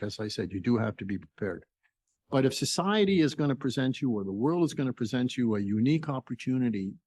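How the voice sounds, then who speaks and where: Older man, from Canada, podcast guest, lively storyteller, voices each side of a conversation, dry sound. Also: mid-range voice, dry recording. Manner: animated storyteller acting out dialogue. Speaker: entrepreneur guest. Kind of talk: storytelling interview.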